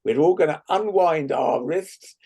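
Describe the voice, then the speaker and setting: Husky playful man leading laughter. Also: on the high side, measured pace. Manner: playful, laughs often, gentle coaxing. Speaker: laughter workshop leader. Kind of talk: guided laughter exercise.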